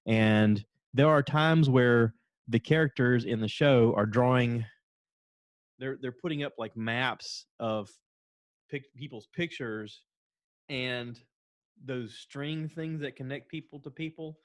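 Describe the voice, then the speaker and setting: A man hosting his own podcast, chatting casually and rambling from one story to the next, now and then jumping into a high voice to quote people. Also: takes it slowly, dry recording. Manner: rambling, animated, jumps into high voices when quoting people. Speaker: podcast host. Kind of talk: casual solo podcast chat.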